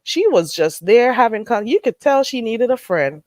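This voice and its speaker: A woman hosting a casual livestream while getting sick, animated and dropping into patois, swearing and laughing freely. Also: fairly high pitch, normal speed, dry recording. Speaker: livestream host.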